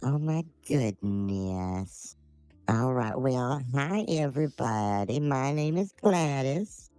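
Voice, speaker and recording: A man using a voice changer to play a sweet, widowed elderly grandmother from the South, with a slow Southern drawl and a doting, fussing manner. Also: mid-range voice, expressive, dark tone, clean tone, no echo, soft background music, pitched above the performer's own voice. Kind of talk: live character voice on stream.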